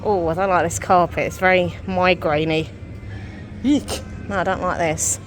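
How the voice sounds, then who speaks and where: A woman's voice: fairly low pitch, steady tone, brisk, soft background music. A woman from England talking casually to her camera as she walks about and sits in a café, chatty and self-deprecating. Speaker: vlogger. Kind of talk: casual chatty vlog narration. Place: out and about, then inside a busy café.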